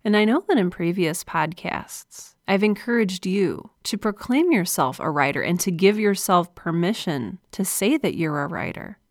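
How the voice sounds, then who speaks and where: Speaking earnestly and confessionally into a close studio mic, a woman hosts her own solo podcast with an encouraging manner. Her voice is fairly low and sing-song, at normal speed with hardly any pauses and no room sound.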